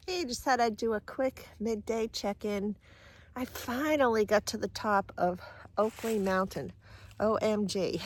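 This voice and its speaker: A woman's voice: mid-range voice, unhurried. A woman, vlogging casually and candidly from a mountain trail into a handheld camera, sometimes catching her breath. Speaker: hiking vlogger.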